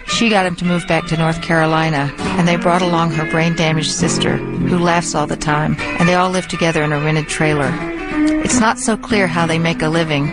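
A woman's voice: sits low, fairly even intonation, fairly quick, rough recording. A woman narrating a documentary-style introduction in a plain, matter-of-fact way. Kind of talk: scripted narration. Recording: voice over loud guitar music.

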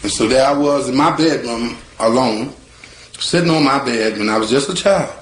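A man, a guitarist from North Carolina, telling his life story in a lively, colloquial way. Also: mid-range voice, moderate pace, slight background noise. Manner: colloquial, lively, acts out voices with laughter. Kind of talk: animated spoken storytelling. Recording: roomy sound with faint guitar behind.

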